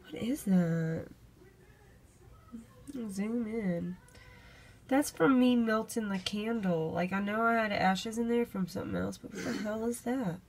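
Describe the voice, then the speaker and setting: Slow, gravelly woman vlogging. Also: medium pitch, darkish tone. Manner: chatty, thinking aloud, with fillers. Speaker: vlogger reviewing a candle. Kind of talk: casual home vlog. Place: home room. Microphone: phone camera.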